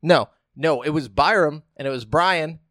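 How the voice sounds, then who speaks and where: A man's voice: on the high side, normal speed, a bit bright, no room sound, clean studio sound. A man hosting a casual gaming podcast, running through the show intro with upbeat energy and joking, profane banter. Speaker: podcast host.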